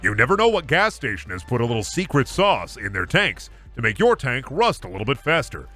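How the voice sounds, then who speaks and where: A man putting on a smooth, slick car-warranty telemarketer with a sales patter. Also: medium pitch, sing-song, fairly quick, pushed and bright, faint music behind.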